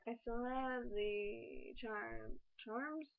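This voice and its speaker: A woman's voice: fairly high pitch, wildly swooping pitch, very slow, no echo. A young woman vlogging to her camera, rambling and near tears, fighting back crying as she talks. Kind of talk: confessional vlog. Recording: dry, tinny phone-like sound.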